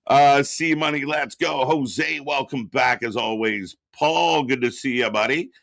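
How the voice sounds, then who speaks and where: A man's voice: medium pitch, takes it slowly, creaky, a bit bright, dry recording. A man co-hosting a live wrestling watch-along stream, chatting casually, laughing often and greeting chat viewers by name.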